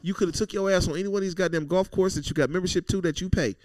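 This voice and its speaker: A man co-hosting a podcast, telling stories loudly and profanely and acting out quotes in casual banter. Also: sits high, racing, no echo. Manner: loud, profane, storytelling with acted-out quotes. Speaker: podcast co-host.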